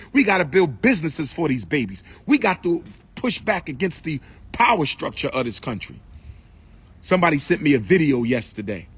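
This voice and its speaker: Addressing an audience, this man lectures with passion, repeating himself and calling out to his listeners in a preachy way. His voice sits on the high side, a bit bright, with a breathy edge.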